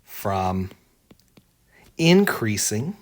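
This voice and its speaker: A man's voice: on the low side, big pitch swings, drawn-out words. A man teaching an exam-prep calculus lesson, thinking aloud as he works through the problem and often checking in with "right?". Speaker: math teacher.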